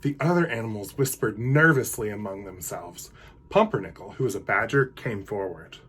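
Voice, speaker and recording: Animated man reading a picture book. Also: lowish voice, moderate pace, husky. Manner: animated, with hushed asides to the kids. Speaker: drag queen storyteller.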